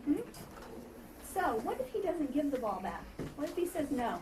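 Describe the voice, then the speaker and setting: A woman with a high-pitched, very animated voice speaks at a moderate pace to her first grade class. She patiently asks questions and repeats students' answers back, recorded from a distant mic in a noisy elementary classroom.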